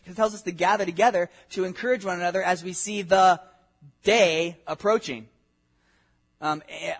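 A man from Southern California preaching a sermon, animated and conversational, with frequent asides and questions to the congregation. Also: high-pitched, husky. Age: adult, married with a wife. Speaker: pastor. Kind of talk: expository sermon.

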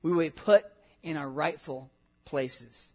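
A man from Southern California preaching a sermon, animated and conversational, with frequent asides and questions to the congregation. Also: fairly high pitch, unhurried, husky. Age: adult, married with a wife. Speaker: pastor. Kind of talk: expository sermon.

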